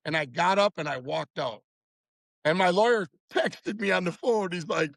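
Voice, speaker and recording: A man's voice: fairly high pitch, expressive, a little fast, vocal fry, fairly bright tone, dry recording. A man in his fifties telling a story as a podcast guest in a blunt, heated, profane way. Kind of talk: casual storytelling chat.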